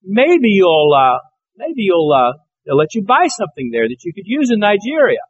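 A man's voice: sits high, huge pitch swings, normal speed, slightly rough, muffled recording. A man from Alabama preaching a sermon, telling folksy, anecdotal stories. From Alabama, USA.

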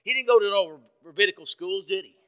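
A man preaching an evening sermon in a folksy, conversational way, asking the congregation questions and swinging from loud to soft. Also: sits high, fast talker, smooth. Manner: dynamic, swings from loud to quiet.

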